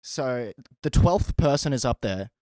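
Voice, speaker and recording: Male comic, animated storyteller, dry close sound. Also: mid-range voice, a little slow, dry recording. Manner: animated, laughs often while telling. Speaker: stand-up comedian. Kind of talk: casual storytelling.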